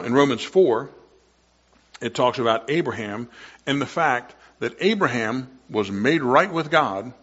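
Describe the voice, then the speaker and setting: A male pastor delivering a sermon in an earnest, emphatic way, slowing down on the words he wants to land. His voice sits at an ordinary middle pitch for a man. The recording is slightly dull and lo-fi. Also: fairly bright tone. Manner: earnest, emphatic preaching with pauses and slow stresses.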